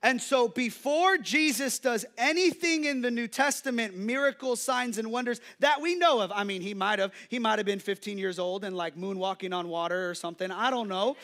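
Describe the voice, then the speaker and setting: A young adult male pastor preaching an energetic sermon, joking and calling out to the congregation. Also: very high-pitched. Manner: energetic, playful preaching with audience call-outs.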